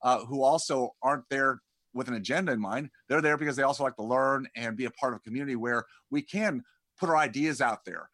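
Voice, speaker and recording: A man's voice: mid-range voice, fast talker, a bit bright, dry recording. A man speaking as a guest in a conversational interview, rambling and often repeating words as he starts his sentences. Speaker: podcast guest, dentist and community founder.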